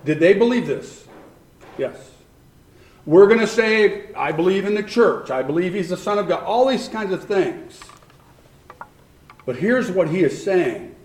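A man's voice: sits high, a little mellow. A man preaching a sermon in a conversational way, acting out what people in the text might say. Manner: conversational preaching, acts out voices with laughs. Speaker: pastor. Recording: roomy echo.

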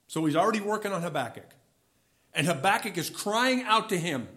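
A man preaching a sermon, asking questions of the listeners, reading scripture aloud and dropping low on key words. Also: sing-song, moderate pace, pushed and bright. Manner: reads scripture aloud with rising voice.

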